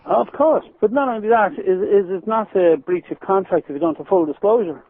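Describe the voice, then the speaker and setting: An Irish man, a radio guest, telling stories in an animated way and laughing as he goes. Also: high voice, a little fast, no room sound. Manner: animated storyteller, laughs while telling anecdotes. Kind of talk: phone-in radio interview. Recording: tinny phone line, dry.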